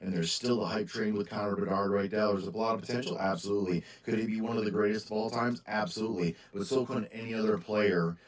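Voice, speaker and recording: A man with a low, deep voice talks to his viewers in a loose, rambling way, stopping and restarting his sentences. He sounds worn out after a long day, yawning between thoughts. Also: steady tone, fast, few pauses, low-quality recording. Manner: rambling, frequent ums and restarts, candid. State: tired, yawning. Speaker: sports card seller and channel host. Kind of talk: casual monologue to camera.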